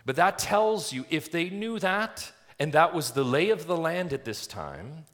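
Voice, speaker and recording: A male pastor preaching a sermon, reading scripture slowly and putting rhetorical questions to the congregation. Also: fairly high pitch, sing-song, a bit bright. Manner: reads scripture aloud slowly and deliberately.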